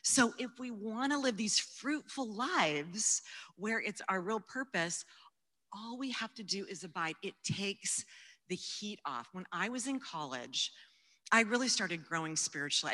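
A woman giving a personal testimony and Bible teaching, talking earnestly and conversationally and sometimes dropping to a hush. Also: medium pitch, expressive, normal speed. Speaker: Christian speaker teaching the Bible. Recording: long hall reverb.

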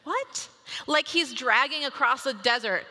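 A woman's voice: sits high, lively intonation, a little slow, pushed and bright. A woman in her thirties giving a chatty devotional talk and acting out family conversations. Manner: chatty, acts out family dialogue. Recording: long hall reverb.

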